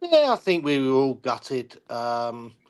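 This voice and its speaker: An older man, a former player, giving frustrated football analysis in halting, repetitive talk. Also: medium pitch, huge pitch swings, clear, resonant tone. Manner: halting, repeats words, frustrated. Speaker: guest pundit, former player. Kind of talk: casual football discussion.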